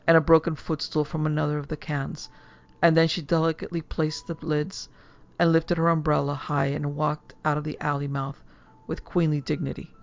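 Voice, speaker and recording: A woman narrating a horror story in a hushed, measured way. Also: low-pitched, vocal fry, highs cut off. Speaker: narrator and producer.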